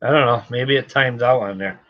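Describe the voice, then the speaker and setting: A man with a medium-pitched, brisk voice hosts a casual gun shop livestream. He talks to viewers in a frustrated, repetitive mutter, and the lo-fi recording sounds slightly dull.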